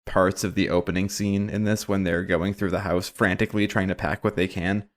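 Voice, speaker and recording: A man's voice: low-pitched, flat delivery. A man co-hosting a podcast, chatting eagerly about a show and quoting lines. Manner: enthusiastic, quick to quote and joke. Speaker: podcast co-host. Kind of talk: casual chat about a TV show.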